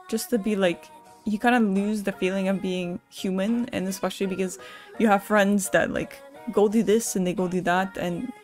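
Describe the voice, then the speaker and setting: A woman streamer chatting candidly and emotionally with her viewers, swearing, laughing and reading their messages aloud. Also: mid-range voice. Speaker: Twitch streamer. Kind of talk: casual live-stream chat with viewers.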